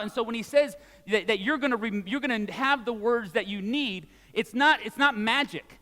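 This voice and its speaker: A man in his forties preaching a sermon in a church, conversational and animated, with casual asides. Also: very high-pitched, moderate pace, big-room sound. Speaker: pastor. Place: church sanctuary.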